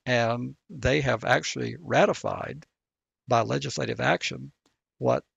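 Gravelly, husky Southern man explaining law. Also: mid-range voice, fairly bright tone, no room sound, highs cut off. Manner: measured, lawyerly explaining. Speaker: legal expert co-host. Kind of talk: casual legal discussion podcast.

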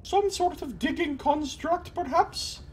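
A man voicing a haughty, formal female fish-person agent while reading game dialogue aloud, in a stiff, drawn-out manner. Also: extremely high pitch, faint music behind, pitched above the performer's own voice. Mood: aloof.

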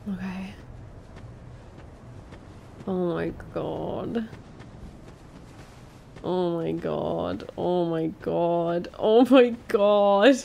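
A woman doing excitable, jumpy commentary while playing a game. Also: fairly low pitch, very slow, gravelly, long pauses, slight background noise. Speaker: gaming streamer. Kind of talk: let's play commentary.

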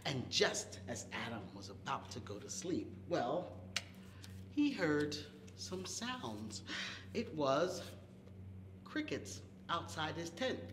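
A man's voice: a little high, big pitch swings, slow, echoey room, background noise. A man leading a toddler storytime, telling a story with playful animal and vehicle noises. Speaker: children's librarian. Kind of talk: toddler storytime with sound effects.

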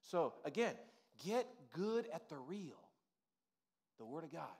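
A man's voice: a little high, big pitch swings, slow, a little mellow, slightly rough. A male pastor delivering an informal, conversational sermon in a church sanctuary, full of "you know" asides.

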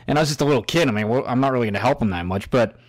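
A man's voice: mid-range voice, rapid-fire. A middle-aged man hosting a podcast, telling rambling stories in a casual, constantly swearing monologue. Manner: profane, storytelling, swears constantly. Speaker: podcast host.

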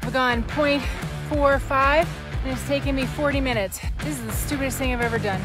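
A woman with a high-sitting voice speaks at a moderate pace while pushing her bike up a steep mountain trail, vlogging to the camera. This adventure vlogger sounds breathless and exasperated, swearing now and then in casual talk, with music in the background.

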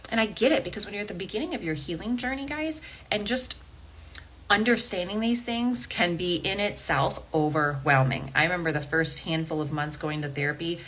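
A woman's voice: on the low side, a little fast, fairly bright tone, slightly rough, poor audio. A woman hosting a coaching podcast, talking casually and directly to listeners, often checking in with "okay?" and "right?". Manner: conversational, frequent "okay?" and "right?" asides. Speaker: podcast host and health coach.

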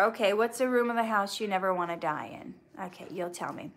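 An actress hosting a casual live stream, reading viewer questions aloud and answering in a chatty, candid way. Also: female voice, mid-range voice, a little fast, few pauses.

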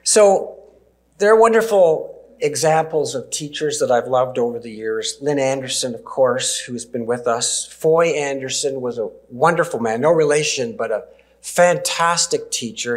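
A Canadian preacher in his sixties delivers a sermon full of personal stories, with gentle laughs and emphatic pauses. He has a mid-range voice.

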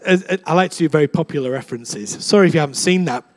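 A young Englishman preaches a casual sermon at a racing pace in a fairly high voice. He's chatty and self-deprecating, acting out the voices in his stories with big swings.

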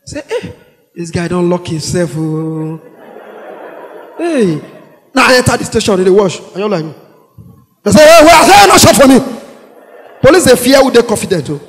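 A Nigerian man with a Pidgin English accent and a very high, piercing voice, animated on stage as he acts out his characters. His voice rings with the long reverb of a big hall. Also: normal speed, pauses often. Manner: animated, acts out voices of police, shouting and laughing. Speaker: stand-up comedian. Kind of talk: stand-up comedy storytelling.

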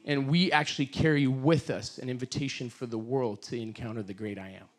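Husky man preaching a sermon. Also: mid-range voice, fairly even intonation, brisk, hardly any pauses. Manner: earnest, storytelling with quoted voices, fervent prayer. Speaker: guest speaker. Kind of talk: sermon with storytelling and prayer.

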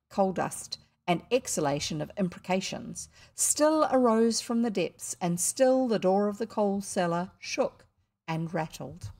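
A woman reads a children's classic aloud at an unhurried pace. She breaks off for chatty, amused asides between chapters, at an ordinary middle pitch. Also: gravelly, a little mellow. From New Zealand. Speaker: reader.

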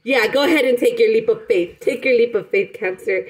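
A woman with a fairly high voice gives a casual tarot reading to camera. She talks in an emphatic, rambling way, breaks off and restarts often, and calls her listeners pet names. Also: a little fast, rough recording. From United States. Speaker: tarot reader.

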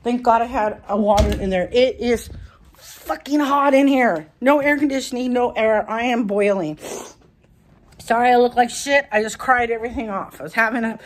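Panicked high-voiced woman, crying in a hotel room. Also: normal speed. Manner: panicked, rambling, swearing. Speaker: vlogger. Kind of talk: casual phone vlog. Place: dark hot hotel room.

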